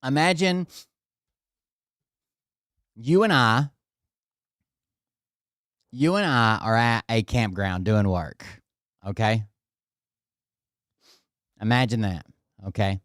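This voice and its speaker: Rambling, profane man with a smooth voice. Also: mid-range voice, slow, pauses often, fairly bright tone, dry recording, clean studio sound. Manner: rambling and profane, addresses viewers directly. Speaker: vlogger. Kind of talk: casual storytelling to viewers. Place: indoors at his home.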